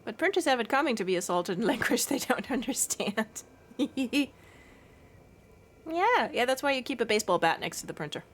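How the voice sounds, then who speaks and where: A woman's voice: fairly high pitch, big pitch swings, normal speed. Chatty, giggly woman streamer. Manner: chatty and giggly, baby-talking to her cat. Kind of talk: casual chat with stream chat.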